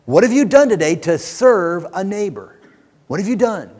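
Animated preacher in an echoing hall. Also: male voice, high-pitched, moderate pace. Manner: animated preaching, rising to emphatic declarations with folksy asides. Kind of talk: sermon.

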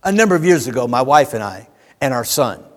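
A man's voice: medium pitch, sing-song, a little fast, in a large hall. A man preaching a sermon, moving from emphatic declarations to folksy asides to his congregation.

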